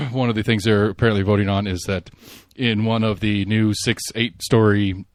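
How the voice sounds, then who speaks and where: A podcast host chatting casually and rambling about local politics, full of fillers and restarts. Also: male voice, lowish voice, steady tone, moderate pace, no room sound, studio quality.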